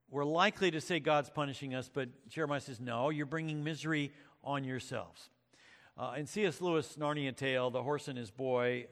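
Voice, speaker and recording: A man's voice: medium pitch, a bit bright, long reverb tail. A male pastor preaching a sermon, reading scripture and retelling stories with dramatic emphasis, with occasional fillers. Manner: uses fillers like uh and um.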